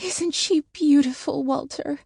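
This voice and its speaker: A woman narrator voicing a tender, tearful young wife who speaks in a hushed, emotional way. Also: fairly high pitch, measured pace, husky, no room sound, studio quality, voice pushed up.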